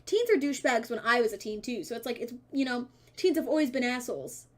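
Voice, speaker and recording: A young woman live-streaming a game, chatting casually with lots of swearing and loud bursts of laughter. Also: a little high, fast. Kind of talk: casual live-stream chat while gaming.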